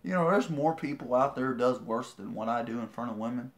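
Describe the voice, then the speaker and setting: Man, mid-pitched voice, brash profane livestream rant. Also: a little fast. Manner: profane, defiant storytelling. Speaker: vlogger.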